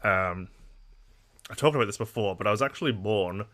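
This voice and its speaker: A man's voice: fairly low pitch, a little fast, a bit bright. A young man with an Australian accent carrying a trace of English, chatting casually on a political live stream and rambling through responses to his chat. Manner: rambling, reacting to chat messages.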